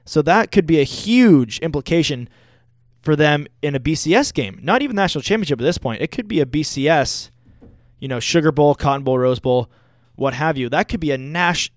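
A young man co-hosting a live sports radio show, talking like an excitable fan with big opinions. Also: a little high, fairly quick, no room sound, clean studio sound. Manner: excitable, gloating fan talk. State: out of breath. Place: radio studio.

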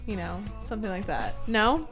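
A woman's voice: mid-range voice, big pitch swings, normal speed, music in the background. A woman hosting a casual chat, asking probing questions. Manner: questioning, inquisitive. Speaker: host.

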